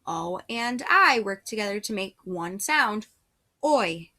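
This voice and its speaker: A woman's voice: mid-range voice, expressive, unhurried, bright, forceful tone. A woman teaching first grade phonics, patiently sounding out letters and words one at a time. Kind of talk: slow phonics dictation lesson.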